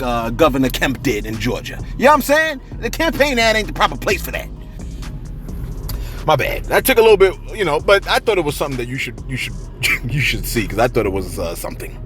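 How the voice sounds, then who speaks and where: Animated man hosting celebrity gossip. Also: a little high. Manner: animated, joking, slangy asides. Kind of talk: casual celebrity commentary.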